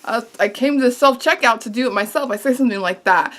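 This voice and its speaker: A woman vlogger telling a story in a casual, animated way, exasperated and acting out what was said. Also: on the high side, fast. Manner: animated, exasperated retelling with quoted asides.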